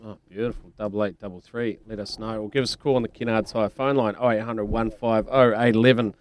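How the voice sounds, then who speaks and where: A man's voice: lowish voice, fairly even intonation, fast talker, a little hiss or hum. A man hosting a casual sports radio show, chatty and teasing, laughing often.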